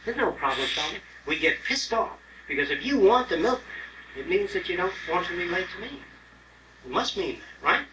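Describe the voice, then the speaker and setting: A man's voice: sits high, sing-song, normal speed. A man in his sixties giving an informal lecture, blunt and profane, who acts out other people's voices. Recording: roomy, distant mic, faint hiss on an old tape.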